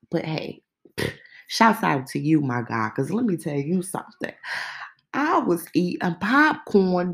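A woman's voice: deep voice, creaky. A woman hosting a podcast, giving a sassy, emphatic opinion monologue full of rhetorical questions and casual slang. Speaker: podcast host.

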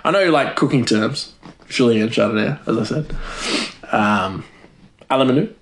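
A vlogger chats casually with his viewers in a medium-pitched voice at a normal pace. He rambles, giggles and scatters "like" through his talk, and the recording carries the echo of the room.

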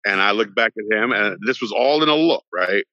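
A middle-aged man, an actor guest on a podcast, telling a long story in an animated way and acting out the voices of the people in it. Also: fairly low pitch, a little fast, no echo. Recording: dull lo-fi sound, dry.

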